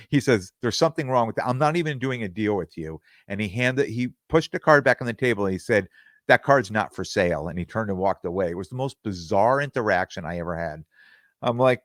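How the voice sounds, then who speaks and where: A man's voice: on the low side, animated, fairly quick, no room sound, clean studio sound. A man hosting a podcast, telling a casual story with restarts and acted-out bits of dialogue. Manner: rambling, with restarts and reenacted dialogue. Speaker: podcast host.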